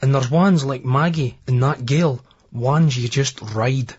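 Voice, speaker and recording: A man's voice: medium pitch, slow, a little mellow, breathy edge. A man with a Scottish accent narrating a novel in the first person, in a brash, crude, swaggering voice. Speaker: audiobook narrator. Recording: dull lo-fi remastered old tape.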